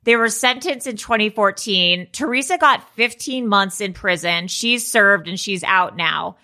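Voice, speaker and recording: Bright-voiced chatty woman podcast host. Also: medium pitch, unhurried. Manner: chatty, self-deprecating, laughs often. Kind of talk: casual chat.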